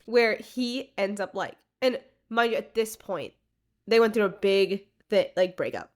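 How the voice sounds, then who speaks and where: Woman, casual podcast chat, gushing, excitable, swears, lots of fillers, medium pitch. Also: a little slow. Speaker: podcast co-host.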